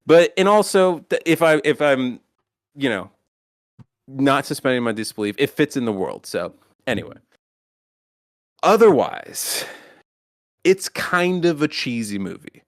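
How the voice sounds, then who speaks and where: A man co-hosting a casual podcast, his voice sitting in a middling register and sounding close and dry with no room echo. He talks in long, rambling runs full of restarts and swearing, animated and opinionated. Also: mid-range voice, unhurried, pauses often. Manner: rambling, profane, animated movie rant. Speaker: podcast co-host.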